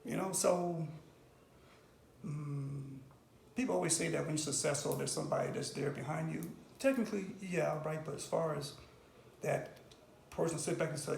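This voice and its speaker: A man's voice: fairly high pitch, animated, normal speed, creaky, echoey room, a little hiss or hum. A middle-aged man telling his life story in an interview, earnest and emphatic, often tagging "right?" and "bro". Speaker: interview guest. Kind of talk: candid personal interview.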